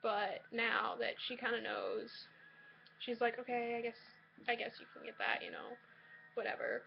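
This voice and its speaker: A woman's voice: fairly high pitch, fairly even intonation, moderate pace, creaky, muffled recording, faint music behind. Young woman chatting hesitantly in a dorm. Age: young adult. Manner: chatty, hesitant, many likes and restarts. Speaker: college student vlogger. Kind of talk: casual personal storytelling. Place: shared college dorm room.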